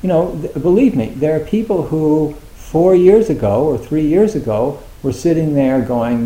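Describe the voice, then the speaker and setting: Mellow-voiced man teaching Zen, roomy echo. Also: fairly high pitch, animated, moderate pace, hardly any pauses. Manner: conversational, acts out students' thoughts, many fillers. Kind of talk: dharma talk.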